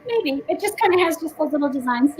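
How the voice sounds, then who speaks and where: A woman's voice: high-pitched, expressive, normal speed, darkish tone, low-quality recording. A woman co-hosting a casual book chat over a video call, rambling with many restarts and frequent laughter. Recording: faint background noise.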